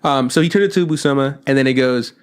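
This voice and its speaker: A man's voice: mid-range voice, quick pace, clear, resonant tone. A man co-hosting an anime podcast in casual chat, swearing freely and rambling through recaps. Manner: profane, rambling storyteller. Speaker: podcast co-host.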